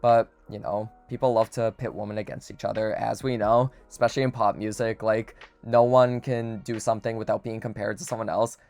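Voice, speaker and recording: A man's voice: fairly low pitch, flat delivery, fairly quick, vocal fry, hardly any pauses, darkish tone. A man reviewing and ranking pop songs in a casual vlog, gushing and dramatic, saying "like" constantly. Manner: gushing, dramatic, heavy use of "like". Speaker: music reviewer. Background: faint background music.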